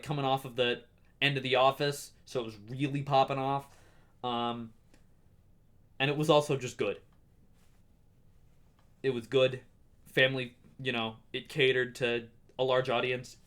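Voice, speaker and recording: A young man in his twenties hosting a casual solo podcast, gushing excitably and swearing as he talks. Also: mid-range voice. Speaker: podcast host.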